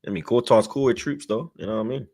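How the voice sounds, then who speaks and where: A man's voice: medium pitch, quick pace. A young man hosting a casual fan stream, reading out chat and telling stories with lots of slang and laughter. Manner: animated storytelling with slang, laughing, mimicking voices. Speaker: fan channel host.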